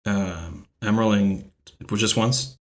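A man's voice: fairly low pitch, fairly even intonation, slow pace. A man playing a comedy tabletop game, with dry, wry asides. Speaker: player.

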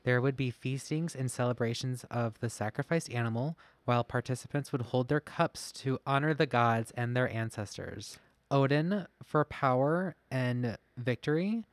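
Podcast co-host, reads from a phone, joking asides, mid pitch, close dry mic. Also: normal speed, no room sound. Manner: reads from a phone, self-deprecating and chatty asides. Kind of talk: casual podcast chat, reading research notes aloud. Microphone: podcast mic, masked.

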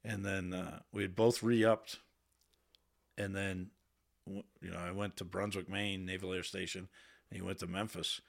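Low-pitched and flat, with vocal fry and a moderate pace, a Boston-area man who served in the Navy tells casual stories as a guest in a podcast studio. He's candid, swears a lot, and repeats his own words in a louder voice.

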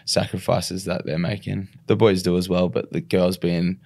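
A young man, a rugby league player and coach, chatting casually in an interview with a relaxed, rambling manner full of restarts. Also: low voice, moderate pace, creaky, dry recording. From Australia.

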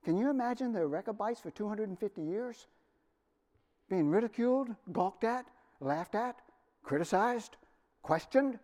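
A middle-aged pastor preaching a sermon, telling personal stories with dramatic swings from quiet to loud. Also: male voice, high voice, animated, moderate pace. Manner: earnest, storytelling with dramatic swings in loudness.

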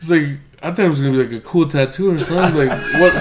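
A man's voice: a little high, expressive, fast, heavy background noise. Young man rambling through a story, laughing. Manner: laughs often, loose and rambling. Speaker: podcast co-host. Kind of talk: casual storytelling.

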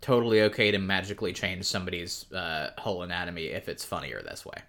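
A woman's voice: extremely low pitch, fast, a bit bright. A woman co-hosting a podcast, chatting casually about a book with a sarcastic edge and frequent laughs. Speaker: podcast co-host.

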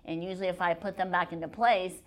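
A woman physician talks as a guest on a podcast, her voice sitting a little low. She is chatty and quick to joke, and she explains treatments in plain, everyday terms. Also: fairly even intonation. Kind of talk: podcast interview.

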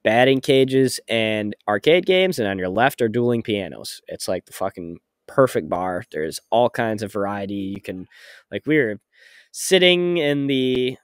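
Young male co-host, mid-pitched, relaxed and profane, dry close-mic sound. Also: unhurried, clean tone, no echo. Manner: laid-back, swears casually, laughs often. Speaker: podcast co-host. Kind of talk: casual chat.

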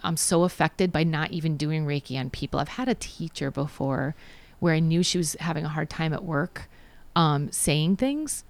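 Woman, low smooth voice, talkative storyteller, casual interview, close dry sound. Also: dry recording. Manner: chatty, tells stories with acted quotes. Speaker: guest, psychic and Reiki practitioner.

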